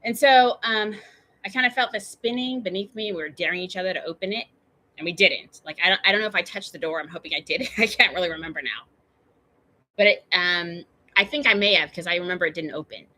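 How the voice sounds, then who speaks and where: A woman hosting her own show tells a long personal story, chatting her way through tangents, asides and fillers. Her voice is bright and forceful, with a punchy edge that carries even when she trails off. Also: on the low side, fast. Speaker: show host.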